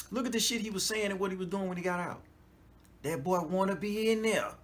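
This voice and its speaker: A fairly high-voiced man riffs through a loose podcast monologue, swearing freely and laughing between points. He keeps asking whether the listener is following him and often jumps up in pitch when he gets worked up. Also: a little fast. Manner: animated, profane, laughs often, frequent "you know what I'm talking about". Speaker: podcast host. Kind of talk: casual monologue.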